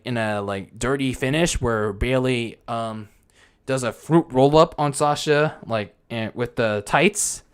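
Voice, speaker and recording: A young man hosting a wrestling podcast alone, talking casually in a frustrated, rambling way with many restarts and fillers. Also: mid-range voice. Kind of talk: casual solo commentary.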